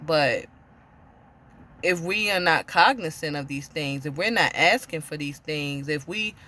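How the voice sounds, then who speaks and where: Earnest woman preaching, bright voice. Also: low voice. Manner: earnest, asks many direct questions; repeats phrases, often pauses with "you know" and "um". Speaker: spiritual teacher. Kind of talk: informal sermon to camera.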